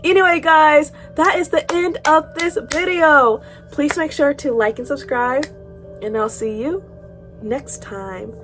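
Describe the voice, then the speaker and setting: High-voiced dramatic teen girl. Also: measured pace, faint music behind. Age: teens. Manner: dramatic, swings from loud outbursts to quiet mutters; casual, swears freely. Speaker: YouTuber. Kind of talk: reacting to horror stories.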